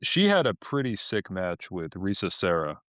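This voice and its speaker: This Boston podcast co-host rambles through casual stories, restarting often as he goes. He speaks at normal speed in a low, sing-song voice that's a bit bright, captured in a dry, dull lo-fi recording.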